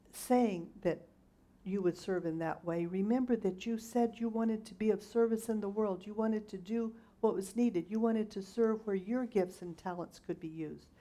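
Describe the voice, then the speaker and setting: A woman's voice: medium pitch, warm tone. A middle-aged woman minister giving a sermon, relating a story in a conversational storytelling manner.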